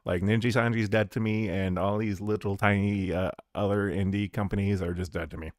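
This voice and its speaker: A man's voice: lowish voice, steady tone, brisk, no room sound, clean studio sound. A man in a casual chat stream, reading chat aloud and tossing in sarcastic, profane jabs. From Canada.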